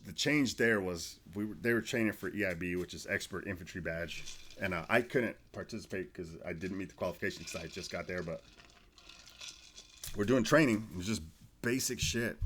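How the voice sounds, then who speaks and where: A man's voice: low-pitched, a bit bright, a little hiss or hum. A man in his forties, an army veteran guest, telling stories in loose, profane, casual podcast chat. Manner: loose, profane storytelling with restarts.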